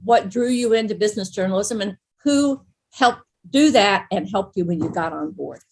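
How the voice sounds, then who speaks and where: An older woman moderating a panel discussion, speaking in a halting way with many fillers. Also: medium pitch, vocal fry. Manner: warm, halting, with many ums and uhs.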